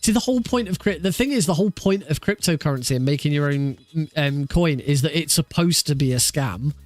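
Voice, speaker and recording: A man's voice: a little high, expressive, a little fast, faint music behind. A man streaming a speedrun practice, chatting casually with viewers, laughing often and swearing freely. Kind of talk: casual live-stream chat.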